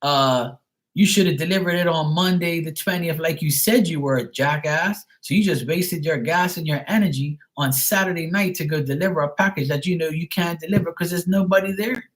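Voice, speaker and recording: A man's voice: fairly high pitch, normal speed, a bit bright, low-quality recording. Profane, exasperated man ranting on a stream. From Bermuda. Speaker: live streamer. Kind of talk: casual live-stream rant.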